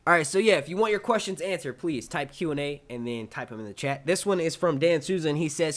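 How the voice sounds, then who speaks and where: A man with a New York accent hosting a casual live-stream Q&A, answering chat questions in an excitable, rambling way and swearing casually. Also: fairly high pitch, fast talker, few pauses.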